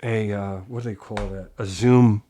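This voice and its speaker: Relaxed middle-aged man telling stories. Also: lowish voice, normal speed. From Pennsylvania. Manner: animated anecdotes, casual swearing, laughs while telling. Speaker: guest musician. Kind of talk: relaxed storytelling.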